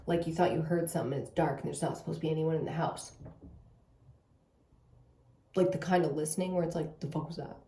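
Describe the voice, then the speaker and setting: A woman's voice: low voice, fairly even intonation, a little fast, pauses often, warm tone, echoey room. A young Canadian woman giving a casual tarot reading, rambling loosely and swearing freely. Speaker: tarot reader.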